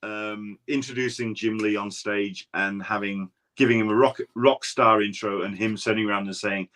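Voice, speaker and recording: A man's voice: on the low side, steady tone, normal speed, hardly any pauses, a bit bright. An English man, a guest podcaster, telling stories in casual chat, rambling with frequent restarts. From England. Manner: rambling anecdotal storyteller, many restarts.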